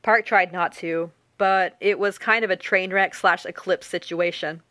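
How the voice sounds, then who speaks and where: Woman audiobook narrator, lowish voice, steady delivery, dry close mic. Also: measured pace, no room sound. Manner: even, steady storytelling.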